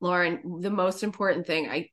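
A woman's voice: lowish voice, moderate pace, a bit bright. Brief: easygoing woman co-host, upbeat casual podcast chat.

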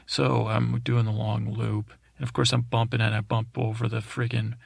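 A man hosting a podcast, rambling through an improvised bedtime story in a halting way, with many fillers and restarts. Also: mid-range voice, flat delivery, creaky, no echo, clean studio sound. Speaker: podcast host.

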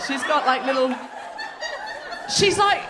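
Woman host, slightly high voice, giggly storyteller, live theatre recording. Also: takes it slowly, crowd noise, noisy background. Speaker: podcast host. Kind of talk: live comedy podcast chat. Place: theatre stage before a live audience.

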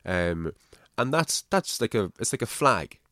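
A man's voice: fairly low pitch, big pitch swings, measured pace, fairly bright tone, no room sound, studio quality. A man from Ireland with a Navan accent, hosting a podcast in casual, rambling chat and swearing freely. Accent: Navan, Irish. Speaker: podcast host.

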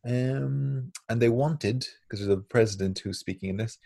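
An Irish man co-hosting a podcast in casual chat, talking fast and laughing often. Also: mid-range voice, gravelly, mellow, no room sound. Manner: chatty, laughs often, swears lightly. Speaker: podcast co-host.

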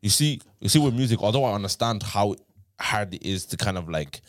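A man hosting a podcast, debating in an animated way and repeating words when he presses a point. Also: fairly low pitch, brisk. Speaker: podcast host.

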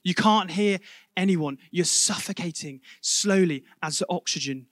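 A man preaching a sermon, telling a vivid story that swells loud and drops to a hush. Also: high voice, unhurried, no room sound, clean studio sound. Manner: vivid storytelling, building to loud climaxes then dropping to a hush.

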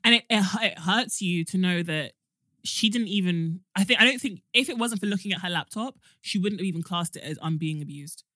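Bright-voiced emphatic young woman. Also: mid-range voice, brisk, dry recording, studio quality. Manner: emphatic, repeats words when worked up. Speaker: co-host. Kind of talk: casual chat.

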